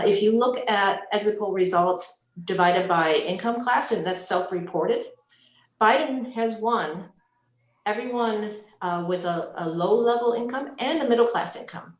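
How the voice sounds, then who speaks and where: A woman speaking as a panelist in a recorded panel discussion, earnest and measured, often restarting her sentences. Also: medium pitch, roomy sound, poor audio.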